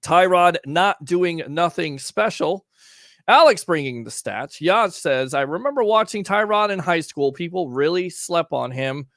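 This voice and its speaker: A man's voice: fairly high pitch, animated, unhurried, a bit bright, no room sound, studio quality. A man hosting a call-in sports talk show, teasing callers and firing off rhetorical questions. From Tampa Bay area.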